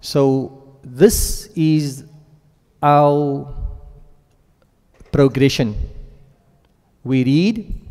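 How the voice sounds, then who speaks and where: A male Quran teacher giving a classroom lesson, explaining step by step, checking in often with the class and reciting Arabic verb forms in quick runs. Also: mid-range voice, warm tone, long reverb tail.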